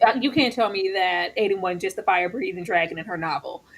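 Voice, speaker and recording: A woman co-hosting a live, casual TV episode recap, talking animatedly and jumping into high voices when she quotes characters. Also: fast, slightly rough. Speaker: co-host reviewing a TV episode.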